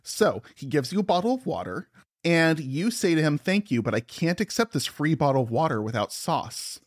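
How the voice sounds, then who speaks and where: A man's voice: on the high side, very animated, moderate pace, no echo, studio quality. A man co-hosting a podcast in casual chat, playful and teasing. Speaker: podcast co-host.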